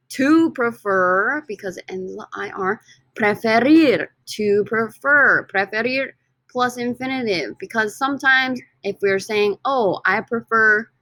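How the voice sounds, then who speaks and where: A young woman teaches a recorded lesson in a bright, clear voice and keeps an upbeat tone. She repeats each word so students can follow along. The sound is dry and close, with no room around her. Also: a little high, dry recording, low-quality recording. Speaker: Spanish teacher.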